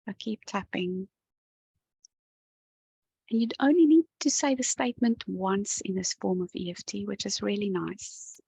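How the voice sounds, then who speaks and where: Speaking at a medium pitch, a woman coaches an EFT tapping session straight to camera, her voice gravelly and a touch husky. She's gentle and calm, guiding each step without rushing, and occasionally yawns or sighs as she unwinds; the close mic is dry, with no echo.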